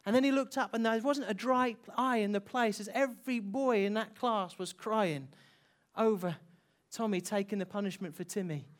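A preacher telling an emotional story in a sermon, slowing down and dropping soft for emphasis. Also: medium pitch.

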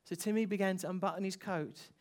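A preacher telling an emotional story in a sermon, slowing down and dropping soft for emphasis. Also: mid-range voice.

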